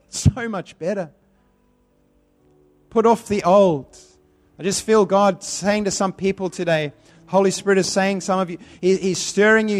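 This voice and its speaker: A man preaching a sermon and praying, fervent and given to repeating phrases for emphasis. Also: high voice. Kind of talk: sermon with prayer.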